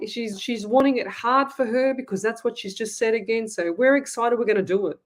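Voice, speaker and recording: A woman's voice: a little high, brisk, a little hiss or hum. An Australian woman hosting a live-stream, reading out viewer comments and answering them in a blunt, emphatic way. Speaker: psychic medium host.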